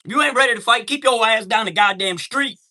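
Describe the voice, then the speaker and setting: A man's voice: extremely high pitch, fast, bright, forceful tone. A man hosting a live stream, telling a heated story in a profane, streetwise way and greeting viewers from chat.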